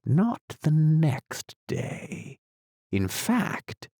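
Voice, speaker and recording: A man reading an audiobook, voicing a solemn, muddled male knight who talks gravely and slowly about his inventions. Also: fairly low pitch, animated, a little mellow, no room sound, studio quality, full character voice. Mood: grave, musing. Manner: grave, slow, musing. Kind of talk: audiobook character voice.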